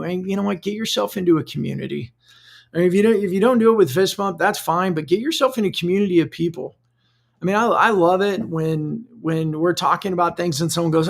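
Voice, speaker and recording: A middle-aged man talks through a solo podcast episode in a loose, conversational way, circling back and repeating words as he works out his thoughts. His voice sits a little high and carries a strong gravelly fry throughout. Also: brisk. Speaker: podcast host. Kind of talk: solo podcast monologue, live-streamed.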